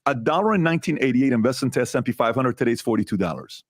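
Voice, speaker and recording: A man's voice: mid-range voice, lively intonation, very fast, no echo, studio quality. A man on a podcast explaining investment returns, building his point step by step with rhetorical questions.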